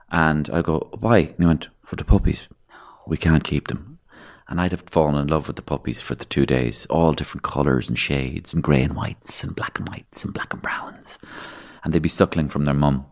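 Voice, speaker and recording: Irish male podcast guest, very low-pitched, anecdotal storyteller with a macabre wit. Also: steady tone, a little fast. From Ireland. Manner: rambling anecdotal storyteller, dark humour, acts out voices.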